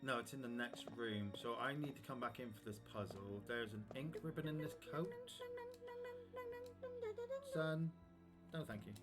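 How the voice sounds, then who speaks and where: A man chats at an even middle pitch while he plays, talking himself through each step and breaking off to answer the people around him. Game music plays clearly behind his voice. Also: normal speed, long pauses. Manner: chatty, thinks aloud about his next move. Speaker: streamer playing a video game. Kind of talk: casual live gameplay commentary.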